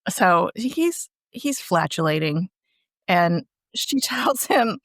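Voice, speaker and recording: A woman's voice: lowish voice, takes it slowly, dry recording, studio quality. A woman guest on a podcast, retelling episode scenes in a casual, chatty way. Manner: lively, chatty storytelling. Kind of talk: casual recap chat.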